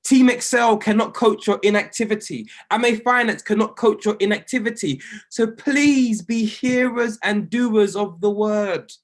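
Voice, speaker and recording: A man with a notably high voice leads a motivational coaching call for traders. He preaches with emphasis, driving each point home by saying it again and again. He is heard over an online group call. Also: a little slow. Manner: emphatic and preachy, repeats key phrases. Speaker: trading mentor.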